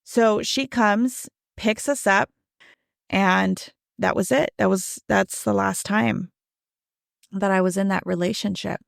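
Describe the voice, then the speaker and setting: A woman's voice: mid-range voice, steady tone, takes it slowly, creaky, dry recording, studio quality. A woman in her thirties hosting her own podcast, telling a personal story in a casual, conversational way, full of "like" and "right?". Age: 30s. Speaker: podcast host.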